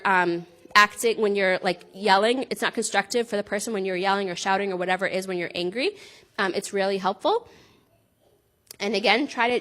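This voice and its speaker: A woman's voice: medium pitch, fairly bright tone. A woman giving an informal talk to parents about handling anger, speaking conversationally and often checking in with her listeners. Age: adult with a child. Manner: conversational, frequent "right?" check-ins, laughs at herself.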